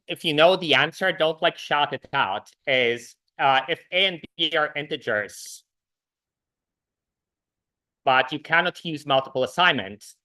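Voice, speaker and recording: A man lecturing a university programming class, talking loosely with many "uh"s and restarts. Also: a little high. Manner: relaxed, many fillers and restarts. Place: lecture hall.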